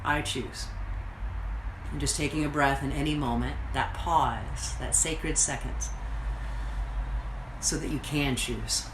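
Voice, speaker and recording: A woman's voice: rumbling low, a little slow, echoey room, noisy background. A woman host and coach giving an earnest, reflective motivational talk straight to her viewers on a livestream. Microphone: livestreamed to social media.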